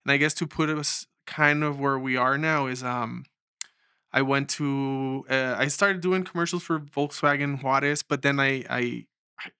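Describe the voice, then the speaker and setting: Bright, animated man from Mexico telling his story. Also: mid-range voice, a little slow, smooth, no echo, clean studio sound. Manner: animated storyteller, acts out quoted dialogue. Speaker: filmmaker guest. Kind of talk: storytelling interview.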